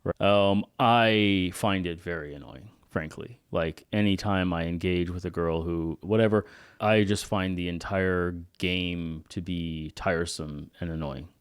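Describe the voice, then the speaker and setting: A low-pitched man co-hosting a casual podcast, giving blunt opinions and tagging his points with "right?". His voice sounds close and dry, with no room around it. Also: steady tone, a little slow, smooth, dry recording. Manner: frank and opinionated, often adds "right?". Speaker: podcast co-host.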